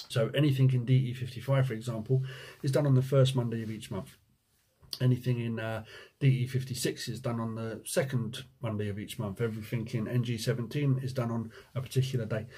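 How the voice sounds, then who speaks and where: This relaxed, husky man has a mid-range voice and a Jersey accent mixed with time spent in the USA. He owns a window cleaning business and answers viewer questions in a casual Q&A vlog, joking, reading the questions aloud and humming while he scrolls.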